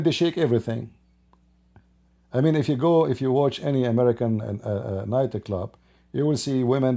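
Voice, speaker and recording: A man with a mellow, medium-pitched voice and noticeable vocal fry gives an opinionated commentary as an online commentator. He's emphatic and scornful, firing off rhetorical questions in broken, plain grammar.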